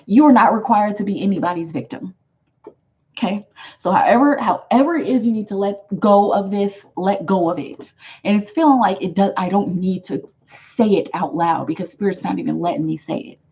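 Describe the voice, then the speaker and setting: A woman's voice: medium pitch, moderate pace, warm tone, lo-fi sound. A woman giving a live tarot reading to her viewers, emphatic and affectionate, repeating her phrases for weight. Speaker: tarot reader.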